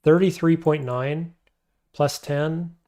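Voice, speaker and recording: A man's voice: on the high side, steady tone, takes it slowly, darkish tone. A man streaming a game, thinking aloud as he weighs his options and answers chat. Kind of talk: casual live-stream commentary.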